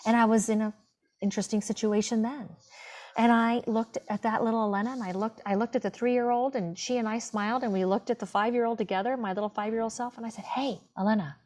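A woman's voice: on the high side, fairly even intonation, fast talker, a little mellow. Emphatic heartfelt woman storyteller. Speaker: guest. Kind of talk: casual interview chat.

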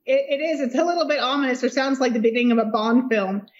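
A woman's voice: high-pitched, fairly even intonation, fast talker, lo-fi sound. A woman attorney talking as a guest in a legal discussion, speaking emphatically and articulately, with dry sardonic asides.

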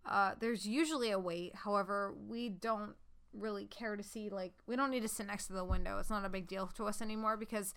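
A woman in her thirties telling a story in casual chat, animated and swearing freely. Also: medium pitch, fairly quick, clean tone. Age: 30s.

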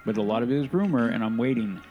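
A man's voice: medium pitch, animated, rapid-fire, dull audio, faint music behind. A man co-hosting a casual podcast, speaking passionately and emphatically, often repeating his points. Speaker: podcast co-host. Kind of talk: casual chat.

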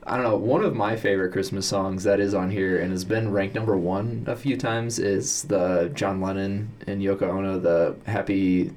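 A man's voice: sits low, steady tone, moderate pace, few pauses, a little mellow, slight background noise. A man hosting a casual staff chat, rambling with lots of filler words. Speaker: podcast host.

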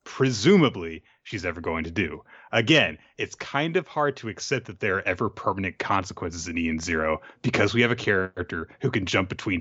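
A man's voice: low-pitched, bright, forceful tone, breathy edge, lo-fi sound. A man co-hosting a casual podcast who analyzes the story with dry sarcasm. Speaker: podcast co-host. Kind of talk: casual chat.

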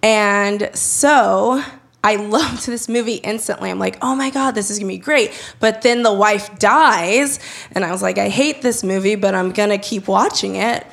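Young woman telling a story about her life, gravelly mid-pitched voice, laughs a lot, does the voices. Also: moderate pace. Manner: chatty, laughing, quotes herself in animated voices. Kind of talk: personal storytelling.

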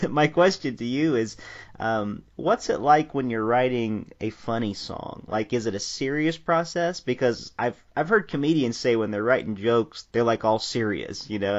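A man hosting a podcast interview, talking in an earnest, halting way with restarts. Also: mid-range voice, dull audio. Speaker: podcast host. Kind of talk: casual interview chat.

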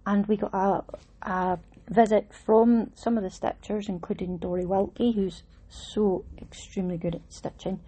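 Chatty woman with a husky mellow voice. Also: medium pitch, fairly even intonation, normal speed, hardly any pauses. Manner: chatty, warm reminiscing with Scots words. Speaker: vlogger talking about her embroidery project. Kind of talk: casual storytelling.

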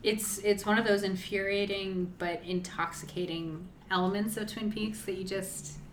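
A woman co-hosting a podcast in casual chat, talkative and teasing, quick to laugh. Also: medium pitch, fairly even intonation, echoey room, a little hiss or hum. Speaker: podcast co-host.

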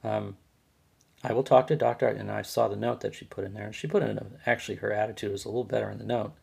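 A man's voice: lowish voice, fairly even intonation, fast, vocal fry, husky. A man hosting his own show, telling a personal grievance story in a rambling way, with many restarts and repeated words. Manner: agitated, complaining. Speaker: podcast host.

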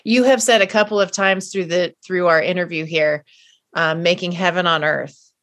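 A woman's voice: fairly low pitch, fairly even intonation, normal speed. A woman hosting an interview, who asks questions in a casual way and keeps affirming her guest with short yeses. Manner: warmly affirming, gives frequent short yeses. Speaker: interview host.

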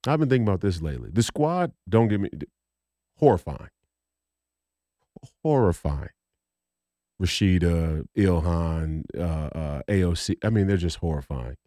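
A man's voice: low voice, animated, moderate pace, few pauses, dark tone, no room sound, clean studio sound. A man, co-hosting a podcast, talking heatedly in a rambling, profane way with many restarts. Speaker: podcast co-host. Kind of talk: casual political chat.

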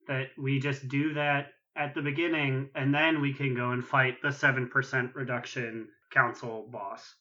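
A man's voice: medium pitch, little pitch movement, measured pace, pushed and bright. A man co-hosting a gaming podcast, bantering playfully and laughing often. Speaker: podcast co-host. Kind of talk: casual chat. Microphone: recording booth. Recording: dull lo-fi sound.

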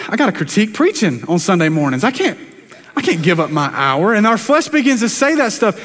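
High-voiced pastor preaching in a church. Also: male voice, sing-song, fairly bright tone. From South Carolina, US. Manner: conversational, self-deprecating preaching with quick asides to the congregation. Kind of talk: sermon. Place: church sanctuary. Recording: long church reverb.

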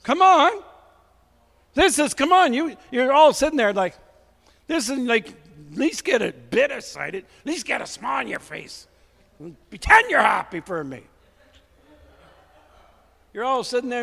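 A man preaching a sermon in a notably high voice, speaking slowly and deliberately. He exhorts his listeners and repeats calls for a response between scripture readings. His voice rings with the long reverb of a big hall. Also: sing-song, vocal fry, fairly bright tone. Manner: exhorting, repeats "come on" to rouse the congregation; reads scripture aloud with emphasis.

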